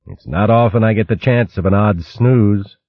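A man voicing a calm, steady male mouse warrior who speaks with dry humor. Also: fairly low pitch, normal speed, no echo, highs cut off.

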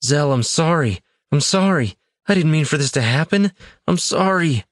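A man's voice: on the low side, moderate pace, no echo, clean studio sound, natural voice. Man voicing a frantic, guilt-torn adventurer. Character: desperate male adventurer, grieving a friend.

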